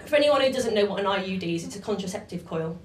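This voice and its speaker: A woman's voice: medium pitch, animated, very fast, a little hiss or hum. A woman doing live stand-up comedy and performance poetry in a bawdy, punchy manner. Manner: brash, bawdy, punchy delivery. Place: comedy club stage. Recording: echoey live room from far off.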